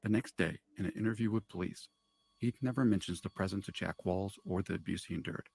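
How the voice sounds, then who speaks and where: A man narrating a true-crime documentary in a measured, even way. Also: sits low, creaky, slight background noise.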